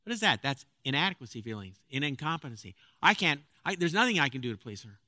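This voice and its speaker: A man giving a spoken lecture as a counselor, earnest and halting, with frequent restarts and fillers. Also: mid-range voice, big pitch swings, pushed and bright, no echo, studio quality.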